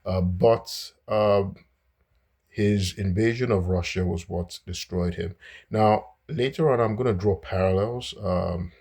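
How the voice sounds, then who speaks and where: A man's voice: low-pitched, measured pace, a little mellow, husky. A man hosting a casual, unscripted history talk, with many fillers and restarts.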